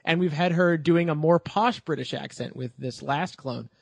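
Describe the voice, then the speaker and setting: A wry man cracking quick jokes in a casual TV review chat. His voice sits a touch high and is recorded dry and close. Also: creaky, dry recording. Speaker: podcast co-host.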